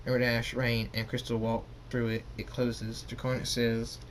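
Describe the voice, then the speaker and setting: A man of middling pitch reads a homemade story aloud, stumbling and restarting over words. His voice is plain, with a faint hiss beneath it. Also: completely flat delivery. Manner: halting, with restarts and slips. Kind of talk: reading homemade fan fiction aloud.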